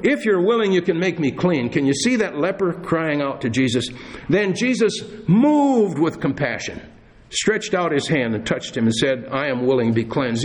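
Male pastor, earnest sermon delivery, slightly high voice, measured pauses. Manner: earnest preaching with dramatic pauses and slowed emphasis. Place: church.

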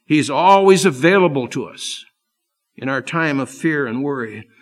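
A man preaching a sermon, impassioned, swinging from loud emphasis to hushed, earnest asides. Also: a little high, expressive, moderate pace.

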